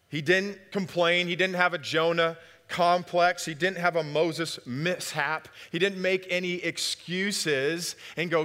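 A man preaching a sermon, lively and conversational, who acts out biblical dialogue in different voices. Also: medium pitch, normal speed. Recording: long hall reverb.

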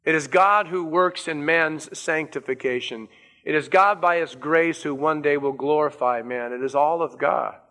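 A man preaching a sermon as a pastor, stressing and repeating key words with slow, deliberate emphasis. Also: fairly high pitch, pushed and bright.

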